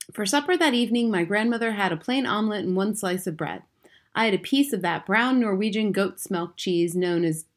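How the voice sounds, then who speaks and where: Woman, audiobook reader, clear steady storytelling, medium pitch. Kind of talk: reading a children's novel aloud.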